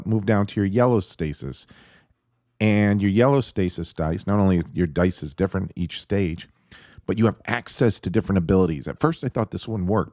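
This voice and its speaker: Male home reviewer, deep, chatty, excited, rambles with fillers; dry close sound. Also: dry recording. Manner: rambling and enthusiastic, with many fillers. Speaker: tabletop game reviewer. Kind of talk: casual video review. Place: at home with his dog nearby.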